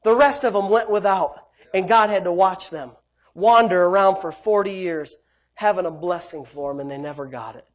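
A preacher delivers a sermon at a moderate pace, swinging between loud, emphatic bursts and quiet, low asides. He is repetitive, stretches out key phrases, and calls on the congregation.

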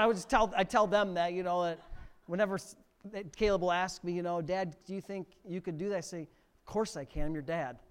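A middle-aged male pastor preaching a sermon, swinging from quiet reading to near-shouted emphasis. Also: sits high, smooth. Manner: preaching with sudden loud rises to near shouting.

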